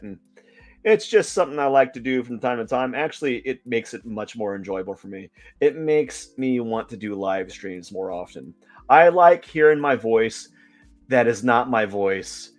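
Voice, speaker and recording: Easygoing man chatting while drawing. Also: mid-range voice. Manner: rambling, joking, playful. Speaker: artist live-streaming a drawing session. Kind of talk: casual chat while drawing.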